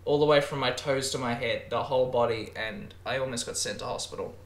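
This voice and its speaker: A man's voice: mid-range voice, brisk. A young man, a podcast guest chatting casually and animatedly, swearing and breaking into laughter. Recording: roomy echo.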